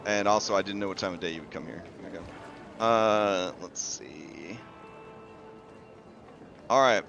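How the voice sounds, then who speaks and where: A man's voice: low voice, unhurried, creaky, muffled recording, music in the background. A man acting as game master, narrating a tabletop game casually and using lots of filler words. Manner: casual, filler-heavy, explanatory.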